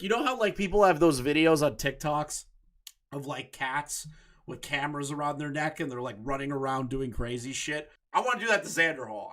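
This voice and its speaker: A man's voice: on the high side, fairly bright tone. A man hosting a reaction commentary video, sarcastic and exasperated, mocking what he watches. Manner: sarcastic, exasperated, bursts of laughter and swearing.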